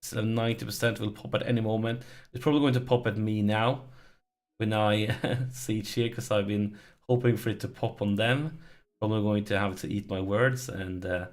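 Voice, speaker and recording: A man's voice: lowish voice, steady tone, brisk. A man commenting on his strategy game as he plays, pleading with it and groaning when it goes wrong. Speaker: let's play host.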